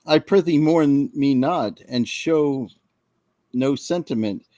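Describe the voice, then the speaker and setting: Han Solo, a man reading in slow verse. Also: mid-range voice, mellow, no room sound, lightly acted. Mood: resolute. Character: roguish male space smuggler, proud and restless. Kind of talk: Shakespearean-style verse reading.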